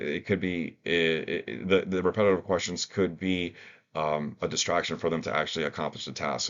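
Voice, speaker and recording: Very deep-voiced man, halting training talk. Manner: hesitant, many fillers and restarts. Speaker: staff trainer. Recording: dull lo-fi recording.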